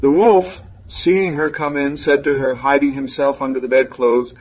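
A man narrating a fairy tale aloud in a calm, even storytelling manner. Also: mid-range voice, moderate pace, few pauses, slightly rough, poor audio.

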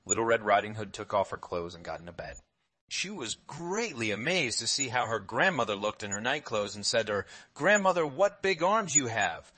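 A man reading a classic fairy tale aloud in a measured, expressive storytelling manner. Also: on the low side, husky.

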